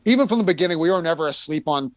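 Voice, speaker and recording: A man's voice: on the high side, lively intonation, racing, no room sound. A middle-aged American man telling rambling tour stories in a casual chat, full of fillers and restarts, sometimes acting out the people he quotes.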